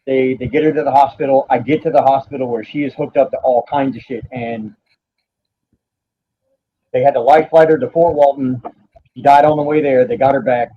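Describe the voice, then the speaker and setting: A man, a podcast guest telling a painful personal story in a halting, profane way, stopping now and then to steady himself. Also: medium pitch, a little hiss or hum. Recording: dull lo-fi audio.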